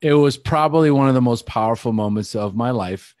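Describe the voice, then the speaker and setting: A man's voice: mid-range voice, fairly quick, a little mellow, dry recording, studio quality. A man coaching a group on a call, telling a candid, emotional personal story in a confessional way. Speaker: life coach.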